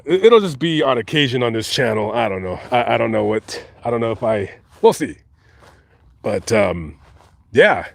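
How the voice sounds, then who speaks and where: A man's voice: mid-range voice, dry recording. Rambling man live-streaming from a cemetery. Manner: rambling, halting, with many restarts and fillers. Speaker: vlogger reading live chat. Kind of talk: casual live-stream chat. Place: outdoors in a cemetery.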